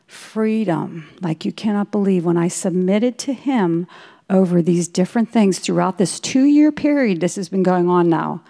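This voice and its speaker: A woman's voice: lowish voice, animated, moderate pace, dark tone. A middle-aged woman giving an earnest personal testimony in a devotional talk, telling stories and quoting herself and others. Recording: long reverb in a hall.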